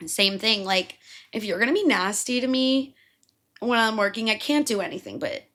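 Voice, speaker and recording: A young woman from Chicago hosting a podcast, telling stories in a casual, profane and animated way. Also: mid-range voice, normal speed. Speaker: podcast host. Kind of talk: casual solo podcast rant.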